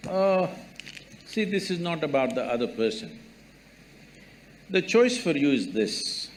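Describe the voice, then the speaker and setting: Measured man giving a spiritual talk. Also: fairly high pitch, sing-song, a little hiss or hum. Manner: measured, builds rhetorical lists. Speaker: spiritual teacher. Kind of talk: spiritual discourse.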